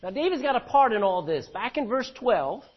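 A man's voice: very high voice, very animated, normal speed, husky, lo-fi sound. A man preaching an expository sermon. He reads scripture verse by verse, then explains it with questions to the congregation. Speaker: pastor.

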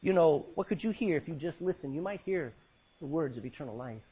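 A male pastor preaching a sermon, swinging between loud cries and hushed words as he quotes scripture in old-fashioned style. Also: on the high side, lively intonation, fairly quick, husky, phone-quality sound.

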